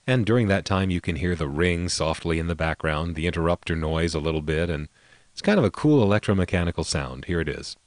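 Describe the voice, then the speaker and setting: Deep-voiced man narrating calmly. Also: a little hiss or hum. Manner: unhurried, fond of technical detail. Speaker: host presenting vintage telephone recordings. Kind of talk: relaxed narration.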